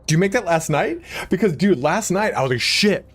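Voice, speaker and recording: Excitable swearing man streaming a game. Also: brisk, breathy edge. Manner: excitable, swearing, pitch jumps up high when worked up. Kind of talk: casual live-stream chat.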